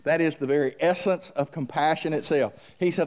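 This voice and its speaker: A man's voice: fairly high pitch, fairly quick, hardly any pauses. Fervent male pastor preaching. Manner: fervent, builds up loud while telling a story; repeats himself and restarts for emphasis. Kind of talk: sermon.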